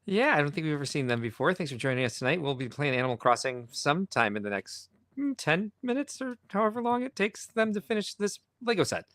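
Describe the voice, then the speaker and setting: Quick, lively man greeting the chat. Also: fairly high pitch, dry recording. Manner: upbeat, greets the chat viewers. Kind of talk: casual live-stream chat.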